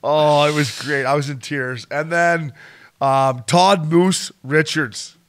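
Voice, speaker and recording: A man in his thirties co-hosting a podcast, excitedly telling stories in casual chat and acting out the quotes. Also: fairly high pitch, takes it slowly. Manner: excitable storyteller, acts out quotes. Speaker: podcast co-host.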